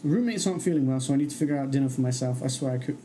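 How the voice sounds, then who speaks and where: A man's voice: mid-range voice, very fast, dark tone, poor audio. A young man chatting casually while streaming a game, laughing easily as he plays. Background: game music.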